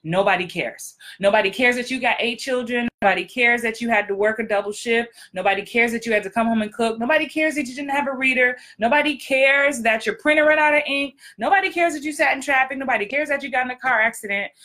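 Blunt, bright-voiced woman coach. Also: on the high side, quick pace, few pauses. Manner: direct and blunt; emphatic, repetitive punchlines. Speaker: acting coach and podcast host. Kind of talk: casual podcast monologue.

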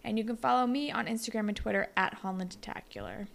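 A woman's voice: mid-range voice, fast talker, vocal fry, fairly bright tone. A young woman co-hosting a podcast, telling rambling stories in casual chat with lots of "like". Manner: rambling storyteller, full of "like". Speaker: podcast co-host.

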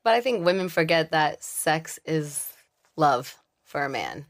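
Low, slow-talking woman podcast guest. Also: very animated. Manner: agreeable, backs the host with short affirmations. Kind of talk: casual chat.

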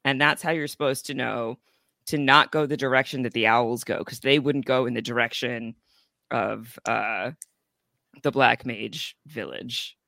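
Relaxed co-host with a mid-pitched voice who adds facts, recorded close and dry. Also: measured pace, gravelly, dry recording. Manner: laid-back, adds short corrections and laughs. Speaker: podcast co-host. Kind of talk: casual recap chat.

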